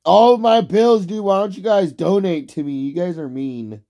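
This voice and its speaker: A young man livestreaming, ranting and yelling insults at his chat, then dropping to low mutters. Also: normal speed. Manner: swings between shouting and low mutters. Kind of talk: casual livestream rant.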